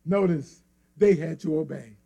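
A male preacher with a high-pitched, gravelly voice delivers an impassioned sermon. He drops to hushed, pleading tones and then rises into cries, with a Black flavor in his speech. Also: unhurried, muffled recording. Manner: impassioned, swings from hushed to shouting.

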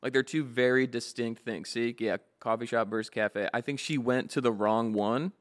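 A man's voice: mid-range voice, steady tone, normal speed. A young man co-hosting a podcast in casual chat, laughing often and cursing freely. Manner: laughing often, loose and profane. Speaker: podcast co-host.

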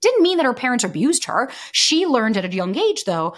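A woman's voice: fairly high pitch, very animated, moderate pace. A woman in her thirties, a dating coach and podcast guest, telling her story candidly and bluntly, swearing freely and acting out the voices she quotes.

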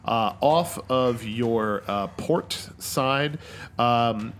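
Over slight background noise, a game master with a voice on the low side narrates scenes for a tabletop role-playing game. He rambles, leaning heavily on fillers and often starting over.

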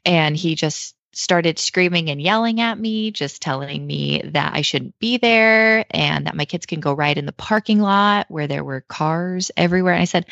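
Woman, 30s, low voice with vocal fry, casually and emotionally recounting a story with lots of fillers. Dry, lo-fi sound. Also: normal speed, few pauses, dry recording. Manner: heavy use of fillers like "like" and "you know"; emotional, animated retelling. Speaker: mother telling a personal story. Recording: dull lo-fi dry recording.

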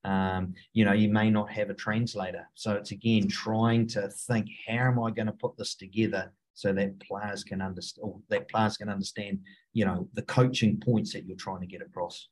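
A middle-aged coach with a New Zealand accent talks casually in a lowish voice. He halts and restarts often as he thinks aloud. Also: level tone, low-quality recording. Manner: halting, many fillers and restarts. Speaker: rugby coach, guest. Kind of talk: casual interview talk.

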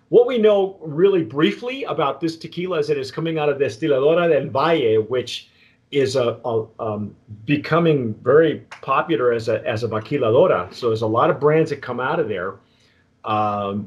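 With a mid-range voice on dull audio, a man hosts a casual tequila tasting chat, rambling, halting and restarting often amid many fillers.

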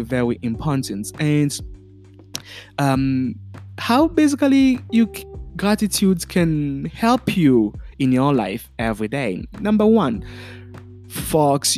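Slow French-accented man, earnest. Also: fairly high pitch, darkish tone. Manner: earnest, repetitive, many fillers and restarts. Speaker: podcast host. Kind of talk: motivational monologue.

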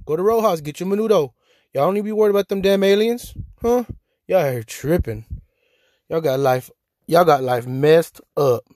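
A man with a slightly high voice rants through a casual solo podcast, fired up and repeating himself for effect. His voice is close and dry, with no room sound around it. He talks loosely, like he is venting to friends. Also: moderate pace, no room sound. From Texas. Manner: animated, ranting, repeats "you hear me?". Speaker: podcast host.

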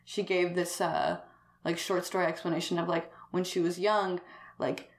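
A woman guest with a fairly low pitch talks at a moderate pace in a level tone, rambling casually, using "like" constantly and laughing often. The recording carries a roomy echo.

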